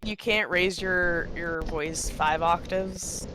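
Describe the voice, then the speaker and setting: A woman's voice: on the low side, steady tone, slow pace. A woman player chatting casually at a tabletop game, jokey and teasing. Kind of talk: casual chat. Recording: noisy stream audio.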